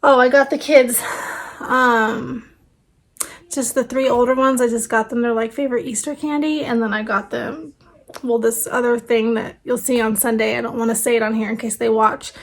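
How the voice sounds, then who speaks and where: A woman's voice: on the high side, fairly even intonation, moderate pace. A woman in her thirties, a family vlogger, chatting casually and rambling with fillers, tired and her voice fading. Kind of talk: casual vlog chat.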